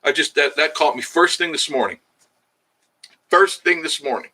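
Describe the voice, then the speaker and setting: Chatty channel host, male, bright tense tone, casual and rambling with frequent laughs. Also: on the high side, moderate pace, low-quality recording. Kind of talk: casual live-stream chat reading viewer comments.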